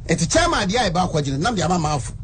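A man's voice: sits high, big pitch swings, very fast, fairly bright tone, slight background noise. A man with a Ghanaian accent recounting events step by step, switching between Twi and English. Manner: plain step-by-step storytelling. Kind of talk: narrated account in an interview clip.

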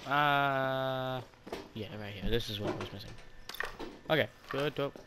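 A man hosting a horror game let's play, excitedly talking to himself as he plays. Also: mid-range voice, unhurried, background noise. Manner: excitable, talks to himself while playing. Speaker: gaming channel host.

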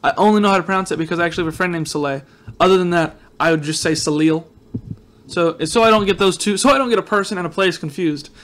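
A man's voice: high voice, fast talker, a bit bright, a little hiss or hum. A man hosting a casual let's-play video, rambling and joking with viewers, his voice a little groggy from just waking up. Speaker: gaming video host.

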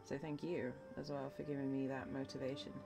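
A woman's voice: a bass voice, level tone, fairly quick, creaky, over music. A young woman streaming live while she paints, tired and worn out, reading her chat aloud and answering viewers with encouragement. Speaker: livestreamer.

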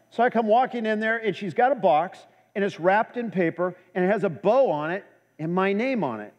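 A man with a high voice preaches in a church, mixing humorous personal stories with earnest appeals. His voice carries a long reverb from the hall around him. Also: expressive, moderate pace, a little mellow. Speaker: pastor. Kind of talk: sermon.

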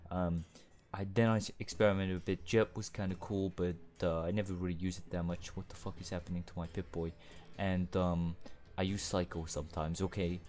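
A man's voice: low-pitched, little pitch movement, fairly quick, darkish tone. A man rambling through gaming commentary, laid-back and swearing often. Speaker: let's play gamer.

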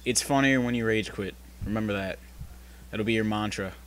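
A man's voice: lowish voice, moderate pace, fairly bright tone. A man recording a casual gaming session at home, bantering sarcastically with a friend. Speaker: gamer recording a let's play.

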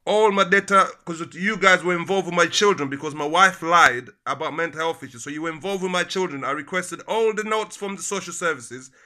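High bright-voiced guy ranting on the phone, keeps repeating himself, calls her my love. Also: fairly quick, few pauses. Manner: agitated, repetitive, calls listener "my love". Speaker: caller complaining to council services. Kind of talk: phone call.

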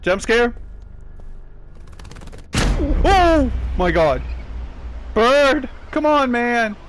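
A man narrating his own horror game playthrough in a high voice that swings widely in pitch. He talks in an unhurried drawl, breaking into loud, swearing exclamations, with a faint hiss of noise behind him. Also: sing-song. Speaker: video game player. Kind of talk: let's play commentary.

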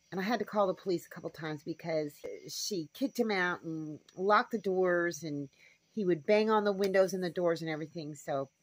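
A woman homestead vlogger telling a story to camera in a frank, rambling, casual way. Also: lowish voice. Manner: rambling, frank, with fillers and asides.

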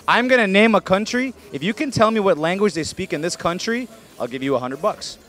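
A man's voice: sits high, lively intonation, a bit bright. A man hosting a casual street interview outdoors in the city, playful and teasing as he quizzes passers-by. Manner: playful, teasing, switches languages quickly.

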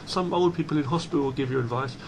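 A man's voice: medium pitch, fast talker, a little hiss or hum. A man talking straight to camera in a blunt, emphatic monologue, swearing freely and often restarting his phrases. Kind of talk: unscripted monologue.

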